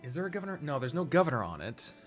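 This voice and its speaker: A man's voice: on the high side, big pitch swings, very fast, faint music behind. A man streaming a strategy game, chatting casually, swearing freely and rambling from topic to topic. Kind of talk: casual live-stream commentary while gaming.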